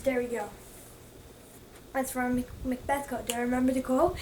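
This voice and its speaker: A woman's voice: sits high, steady tone, normal speed, long pauses, a little mellow. A young woman chatting casually to camera as a book vlogger, gushing and repeating herself for emphasis. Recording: mic at a distance, faint background noise.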